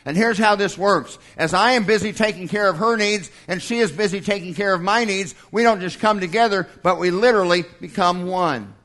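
An older man preaching a sermon with a folksy, humorous touch. His voice sits fairly high for a man, and he slips into small acted-out exchanges. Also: fairly quick, few pauses, fairly bright tone. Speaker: pastor.

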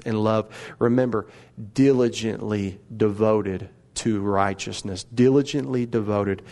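Male preacher, mid-pitched voice, delivering a sermon with urgent, emphatic repetition. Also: darkish tone.

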